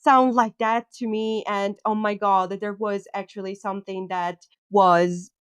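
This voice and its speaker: A woman's voice: medium pitch, flat delivery, a little slow, clean tone, dry recording, clean studio sound. A woman from Sicily, hosting a podcast and giving candid, chatty commentary full of "like" and "you know.". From Sicily, Italy. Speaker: podcast host. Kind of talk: casual critical commentary.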